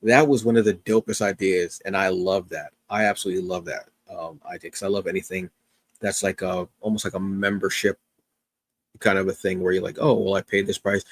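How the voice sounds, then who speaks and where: A low-voiced man hosts a comics review livestream solo, recorded without room sound. He's tired, having been up since early morning, yet chats casually and with enthusiasm, leaning on fillers and frequent restarts.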